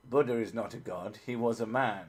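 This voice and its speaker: A man's voice: medium pitch, husky. A man hosting a casual livestream, reading out chat and joking with a lot of swearing. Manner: profane, joking, easily sidetracked.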